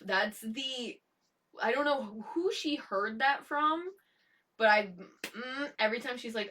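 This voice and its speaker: A woman's voice: on the high side, expressive, a little slow, bright, forceful tone, far from the mic. A woman co-hosting a casual live talk show, blunt and swearing, mimicking her kids in quotes. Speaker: podcast co-host. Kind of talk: casual chat. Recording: voice from off the mic.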